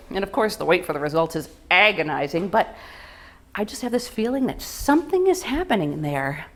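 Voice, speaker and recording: A woman performing a self-mocking comedic stage monologue with an animated delivery. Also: fairly low pitch, slight background noise.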